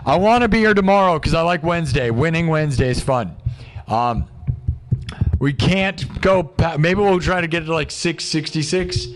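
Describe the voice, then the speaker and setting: A young man talks straight to his live audience in a loose, rambling way. He sounds excitable, his speaking voice sits a touch high, and he tosses in "dude" and "like" as he goes. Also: a little hiss or hum. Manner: reads out supporters' names in a quick list. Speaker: livestream host. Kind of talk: casual rambling livestream chat.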